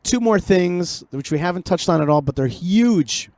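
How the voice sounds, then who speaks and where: A man hosting a podcast conversation, animated and joking, often repeating his words as he goes. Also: sits high, moderate pace, no room sound. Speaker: show host.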